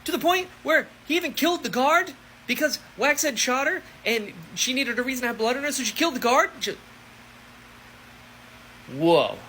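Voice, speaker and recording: Bright, animated man reacting to a book. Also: very high-pitched, normal speed, slight background noise, low-quality recording. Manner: excitable, gushing, thinks aloud with many rhetorical questions. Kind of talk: casual book reaction vlog.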